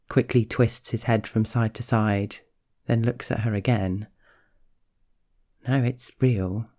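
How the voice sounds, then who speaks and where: A man narrating a scripted story in a slow, hushed, measured way. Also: mid-range voice, gravelly.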